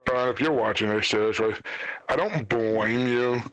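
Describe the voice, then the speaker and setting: A man's voice: medium pitch, moderate pace, fairly bright tone, no echo, poor audio. A man chatting on a casual podcast, stammering and rambling in an exasperated way. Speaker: podcast guest.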